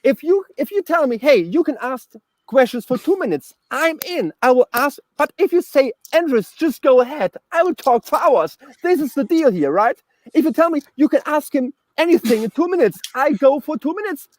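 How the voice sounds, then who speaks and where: A man with a German accent, a talkative journalist chatting excitedly and joking on a live stream from a harbor. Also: extremely high pitch, moderate pace, dry recording. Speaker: LEGO blogger and journalist guest. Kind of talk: casual live-stream chat. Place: outdoors at a harbor.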